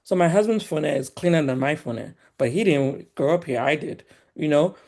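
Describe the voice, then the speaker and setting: Nigerian-accented woman guest, animated and emphatic, quick to laugh. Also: low voice, creaky. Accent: Nigerian, polished by years in the US. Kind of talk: casual conversation.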